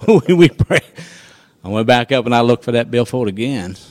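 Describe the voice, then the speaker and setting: A man telling a personal faith testimony in a folksy, animated storytelling manner. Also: medium pitch, fairly quick, no room sound. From rural farming background. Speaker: guest sharing testimony.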